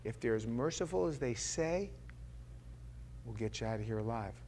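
A man's voice: very high-pitched, fairly even intonation, slow, a little mellow, a little hiss or hum, voice pushed up. A man playing a groveling, fawning servant. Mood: scheming. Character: cringing male servant of a defeated king.

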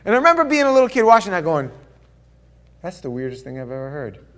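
A man in his fifties preaching a sermon in an animated way, acting out voices and asides. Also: on the high side, fast talker. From Florida. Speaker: pastor.

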